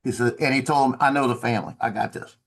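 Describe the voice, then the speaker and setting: A man talks over a video call. He tells a story in a relaxed, conversational way. He slips into the voices of the officers he quotes. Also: medium pitch, fast talker. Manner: animated, acts out quoted officers. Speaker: former Marine telling a story.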